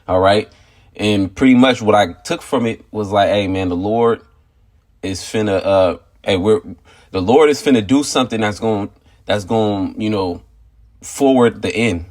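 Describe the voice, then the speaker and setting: A man with a fairly low voice tells a story from his workday in a loose, rambling way, with "you know" in almost every sentence. He then turns it into informal spiritual teaching and keeps pressing each point with "okay" and "all right". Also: unhurried, long pauses, a little mellow. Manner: emphatic, repeats "okay" and "all right" to drive points home. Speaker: religious teacher sharing a testimony.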